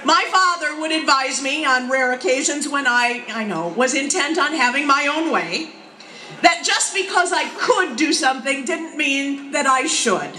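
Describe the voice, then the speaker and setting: A woman's voice: high voice, animated, a little slow. A woman from Wisconsin, a union leader giving an impassioned rally speech outdoors and leading chants. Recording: echoey outdoor PA with loud crowd.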